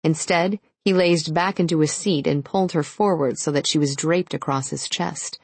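Low, husky-voiced woman to narrate a romance audiobook, steady read, dry close sound. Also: moderate pace, dry recording. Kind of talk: scripted narration.

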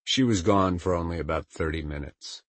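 Male audiobook narrator, deep and husky, measured dramatic read. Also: no echo. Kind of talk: scripted narration.

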